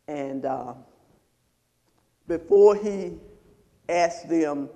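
High-voiced preacher in a reverberant hall. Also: male voice, vocal fry, dark tone. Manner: call-and-response preaching, quizzing the congregation. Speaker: pastor. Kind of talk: sermon.

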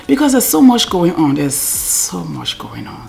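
Middle-aged Liberian woman vlogger, deep and gravelly, lively pitch, casual and rambling. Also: measured pace. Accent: Liberian English. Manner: rambling, talks to herself, drops to near-whispers. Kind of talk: casual talk to camera.

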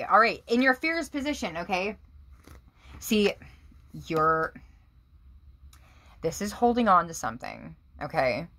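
A young woman reading tarot cards for her viewers, her voice sitting a little low. She talks with excited emphasis, jumping from loud exclamations to quiet, low murmurs. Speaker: tarot reader.

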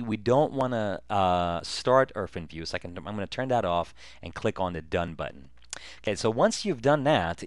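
A man narrating a relaxed, step-by-step screen-recorded software tutorial, with frequent ums and uhs. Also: lowish voice, smooth, no echo.

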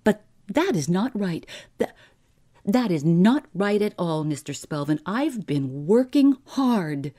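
A woman voicing a timid, fretful middle-aged male clerk who pleads in a high, anxious, stammering voice. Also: big pitch swings, slow, dark tone, full character voice. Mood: pleading.

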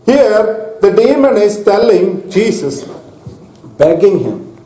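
A man preaching a sermon to a congregation, slow and deliberate, stopping to ask his listeners questions. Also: sits high, expressive, dark tone. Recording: echoey hall.

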